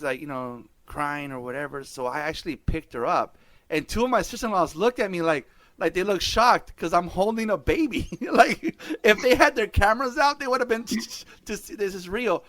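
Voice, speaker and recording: A man's voice: medium pitch, a bit bright, no room sound. A middle-aged man hosting a podcast, telling stories in casual chat, swearing freely, laughing often and dropping Spanish words. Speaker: podcast host.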